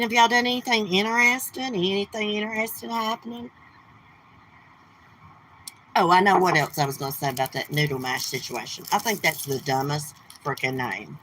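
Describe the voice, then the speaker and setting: A woman's voice: deep voice, normal speed, a bit bright, a little hiss or hum, rough recording. A middle-aged woman, chatting bluntly and gossiping on a casual live stream outdoors. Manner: blunt, gossipy, cussing, Southern turns of speech. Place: outdoors near her home.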